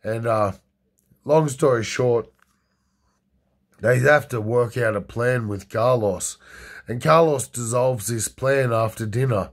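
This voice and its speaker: A young man spins a crude yarn in a relaxed, rambling way. He leans on fillers and restarts. His voice sits at an ordinary middle pitch. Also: measured pace. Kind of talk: casual oral storytelling.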